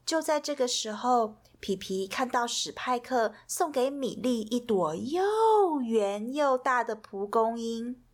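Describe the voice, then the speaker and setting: Slow expressive woman reading a storybook. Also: on the high side. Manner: expressive, soothing bedtime-story delivery. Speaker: storybook reader. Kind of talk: storybook read-aloud.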